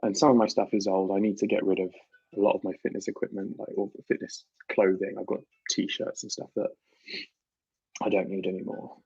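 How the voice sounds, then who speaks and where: A man's voice: deep voice, flat delivery, fairly quick, gravelly, a little mellow, slightly rough, no room sound, dull audio. A British man hosting a livestream, chatting casually and animatedly with viewers and laughing often. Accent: British English. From United Kingdom. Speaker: livestream host. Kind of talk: casual chat with live viewers.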